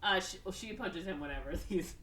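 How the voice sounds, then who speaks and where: A woman's voice: lowish voice, normal speed. A woman hosting a podcast, animatedly retelling a movie plot in casual chat and acting out the characters, recorded from a distance in an echoey room. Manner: animated, acts out characters, laughs easily. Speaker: podcast host. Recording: echoey room, distant mic, faint noise.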